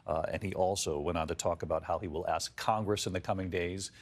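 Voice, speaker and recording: A male news anchor giving measured live commentary, summarizing events. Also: low-pitched, steady tone.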